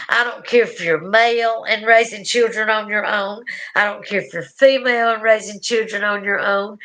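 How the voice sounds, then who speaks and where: Gravelly-voiced Southern woman chatting on a livestream. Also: medium pitch, bright, forceful tone, poor audio. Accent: Alabama Southern. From Southern United States. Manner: chatty, affectionate, drawling Southern talk with folksy phrases. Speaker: livestream host. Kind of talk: casual livestream chat reading viewer comments.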